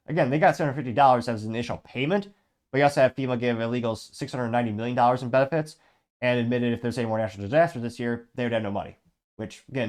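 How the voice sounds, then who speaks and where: A man hosting his own political commentary show, reading out viewer comments in a rapid, blunt and sarcastic way while running on lots of coffee. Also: mid-range voice, darkish tone. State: over-caffeinated. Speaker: host.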